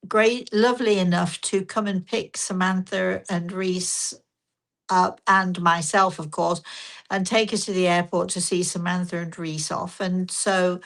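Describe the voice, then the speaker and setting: An older woman, a spiritual medium and host, telling a story in a gentle, rambling way with frequent restarts. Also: fairly low pitch, steady tone, measured pace. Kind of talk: casual storytelling talk.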